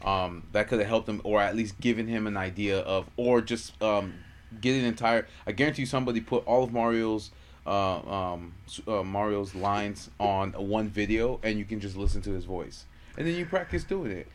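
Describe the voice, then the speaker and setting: A man's voice: fairly low pitch, moderate pace. A man co-hosting a podcast, chatting casually and laughing while he teases his co-host. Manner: laughing, teasing banter. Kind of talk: casual chat.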